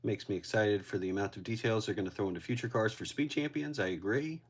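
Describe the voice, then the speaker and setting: Talking fast in a voice on the low side with a breathy edge, a man streams himself building LEGO and chats casually with viewers. He's recovering from a cold and a little winded, rambling in a laid-back way and responding to the chat.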